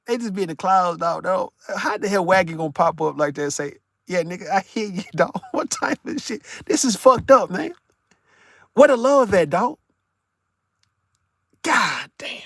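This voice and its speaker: A man live-streams from his vehicle while driving for work, chatting loosely with viewers in a boisterous, profane way and laughing often. His voice is high-pitched, animated and brisk with vocal fry, recorded at studio quality with no echo.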